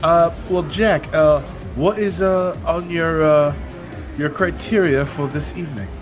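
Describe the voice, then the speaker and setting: A man voicing a polite British man offering tea, in a bad mock British accent, stiff and halting. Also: fairly high pitch, music in the background, close to an everyday voice. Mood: prim.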